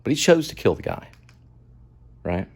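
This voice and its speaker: A man's voice: fairly low pitch, big pitch swings, moderate pace. A man hosting his own show, giving emphatic, moralizing commentary on a video and repeating his points. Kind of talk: impassioned commentary.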